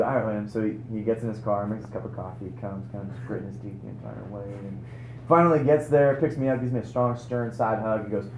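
A man's voice: on the low side, quick pace, a little hiss or hum. Man preaching in an echoey hall. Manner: animated storytelling with rhetorical questions. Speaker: conference speaker. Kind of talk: sermon. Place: conference hall. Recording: roomy hall echo.

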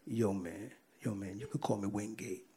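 A secretive male inmate, put on by a man telling a story, talking low and hushed and insisting in a half-whisper. the voice drops well below the teller's own. each word is kept quiet so no one nearby overhears. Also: fairly even intonation, normal speed, breathy edge.

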